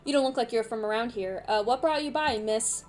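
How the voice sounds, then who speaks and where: A woman voicing a dry, deadpan young woman bartender as she reads a visual novel aloud, dropping low and flat. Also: fairly quick, soft background music, natural voice.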